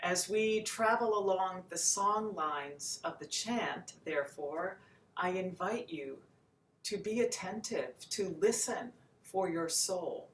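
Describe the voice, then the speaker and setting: A woman teaching a daily chant practice, speaking gently and slowly and breaking into sung chant lines to demonstrate. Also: on the low side, expressive, slight background noise. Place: home room with chair, screen share.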